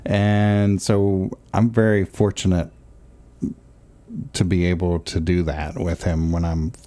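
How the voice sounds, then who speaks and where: A man's voice: low voice, level tone, slow pace, warm tone. A man in his thirties co-hosting a parenting podcast in casual, playful chat. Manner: playful, joking. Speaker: podcast co-host.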